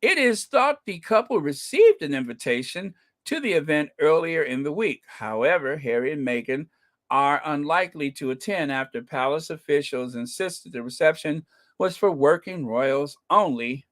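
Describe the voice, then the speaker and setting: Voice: mid-range voice, lively intonation, moderate pace, fairly bright tone. A channel host giving casual, scornful commentary, reading comments and news items aloud and often breaking into laughter.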